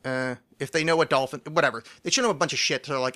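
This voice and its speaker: Male podcast host, bright tone, mid-range pitch; rambling, swears freely, pokes fun at himself. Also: quick pace. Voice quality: rambling, profane, self-deprecating. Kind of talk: casual solo podcast monologue.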